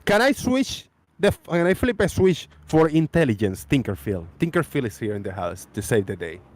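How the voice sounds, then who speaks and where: A man's voice: mid-range voice, very animated, moderate pace, a little mellow, no room sound. A man hosting a live-stream debate chat, rambling and repeating his phrases. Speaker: host.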